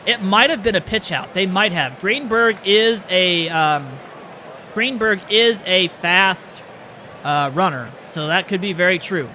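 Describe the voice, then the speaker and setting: A man giving play-by-play commentary over a baseball video game, excitable on big plays and often correcting himself. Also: sits high, measured pace, slight background noise.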